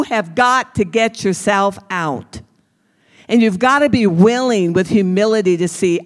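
A preacher delivering a sermon at an unhurried pace, leaning on key words and repeating them for emphasis. The voice calls out to the listeners directly. It rings with a long hall reverb. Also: medium pitch.

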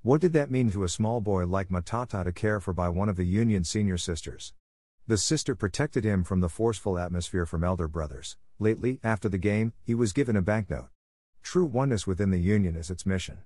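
Man, low voice, reading a story, measured, slightly halting, dry recording. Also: mellow, no room sound.

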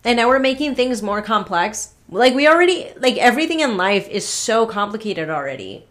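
A woman's voice: fairly high pitch, very animated, a little fast, a bit bright. A woman hosting her own podcast, ranting in a casual, exasperated way, swearing freely and restarting her sentences. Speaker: podcast host. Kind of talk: casual solo podcast rant.

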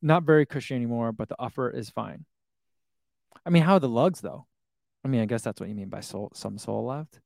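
A man's voice: mid-range voice, brisk, creaky, darkish tone, dry recording, studio quality. A man in his thirties chatting casually on a live stream, reading viewer comments aloud, rambling and chuckling. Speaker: running shoe vlogger reading live chat.

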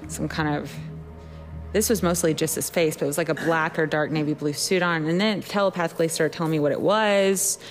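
A young woman co-hosting a podcast, telling a story in a casual, rambling way, full of "like" and the odd swear word. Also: deep voice. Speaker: podcast co-host.

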